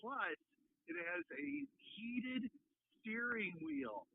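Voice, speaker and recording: A man calling in to a radio show from Minnesota, chatting in an expressive way and stretching words for effect. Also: very high voice, extremely slow, gravelly, husky. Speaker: radio guest on a phone line. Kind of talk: casual radio chat. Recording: tinny phone line.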